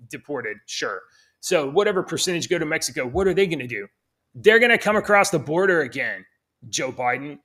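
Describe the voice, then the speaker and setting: A man's voice: a little high, fairly bright tone. Rambling man co-hosting a morning show. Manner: rambling, joking, reads news aloud with asides. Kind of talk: casual chat.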